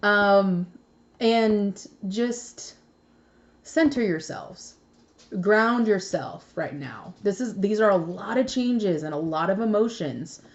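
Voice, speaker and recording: A woman's voice: medium pitch, expressive, takes it slowly, muffled recording. Chatty, swearing young woman reading tarot. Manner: chatty, swears freely, laughs often. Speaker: tarot reader. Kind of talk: casual tarot reading vlog.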